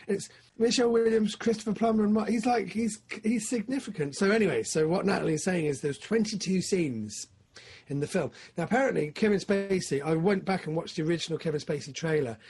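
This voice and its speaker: A man, co-hosting a casual film podcast, talking with big bursts of enthusiasm that drop into low asides. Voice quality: husky. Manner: excitable, swings from loud enthusiasm to low mumbling asides. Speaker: podcast co-host.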